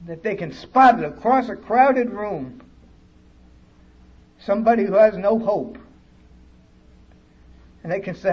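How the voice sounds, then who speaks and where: At a recovery conference, a man with a notably high, husky voice tells his own story bluntly and with salty language, speaking a little slowly with long pauses. The recording is dull and lo-fi, like an old tape of a talk in a hall.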